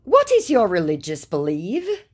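A woman voicing a pushy, dim male romance scammer in a slow, high, exaggerated way. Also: huge pitch swings, exaggerated voice.

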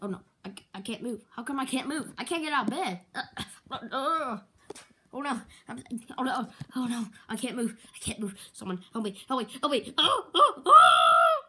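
A woman's voice: on the high side, normal speed, a bit bright, natural voice. A girl doing a whiny pizza-loving chicken plushie. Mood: panicked. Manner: whiny, dramatic, complains and wails. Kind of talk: home toy skit. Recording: echoey room with background noise.

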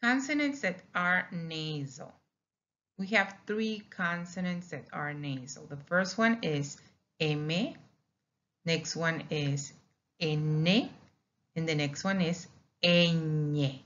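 Slow, low-pitched woman teacher. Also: fairly bright tone. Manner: slow, drills syllables with many "okay?" checks. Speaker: Spanish teacher. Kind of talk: recorded slideshow lesson. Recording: dull lo-fi audio.

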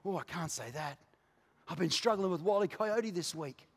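A man with an Australian accent preaching a passionate sermon as a pastor, moving from quiet, intimate asides to shouted declarations. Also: high voice, normal speed, husky. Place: large church auditorium. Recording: live church recording with long hall reverb.

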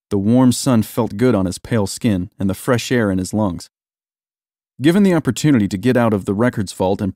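A man reading a story aloud in steady, even scripted narration. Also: lowish voice, dry recording, studio quality.

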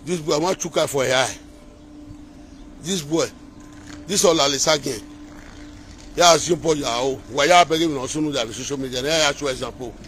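Male vlogger, Nigerian Pidgin accent, a bit high-pitched for a man; rambling live-phone monologue with chanted praise calls. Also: moderate pace, long pauses, fairly bright tone, slight background noise. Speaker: social media vlogger. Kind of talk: casual live-video monologue. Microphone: phone held to face.

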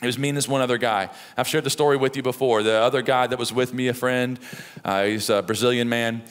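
A middle-aged pastor preaching a sermon in a conversational, storytelling way, with frequent "right?" asides. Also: male voice, medium pitch, fairly even intonation, fast talker, clear, resonant tone. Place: church sanctuary. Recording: long reverb of a church hall.

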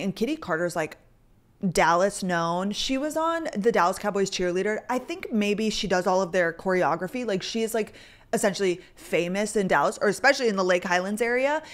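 A young woman hosting her podcast talks casually into a microphone. She rambles through stories and fills her sentences with "like." Her pitch sits in the middle of the usual range. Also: expressive, fairly quick. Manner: chatty storyteller, heavy use of "like". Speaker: podcast host. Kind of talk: casual chat.

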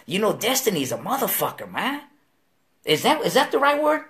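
A man's voice: on the high side, very animated, fairly quick, gravelly, a bit bright. A man as a talk show guest telling a story in profane street slang, acting out the quoted voices. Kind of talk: storytelling interview.

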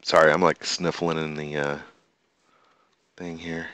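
A man casually commenting on his own gameplay, excitable and talking to the animals and monsters he meets. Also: very deep voice, a little slow, clean tone, no echo. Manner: excitable, talks to the animals and mobs in the game. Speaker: gamer. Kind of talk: casual let's-play commentary. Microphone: desk microphone.

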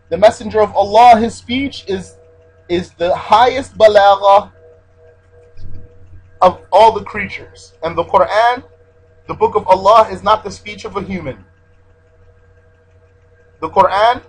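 A man's voice: high-pitched, breathy edge, rough recording. A man teaching a religious lesson, repeating his key points and stressing Arabic terms as he explains.

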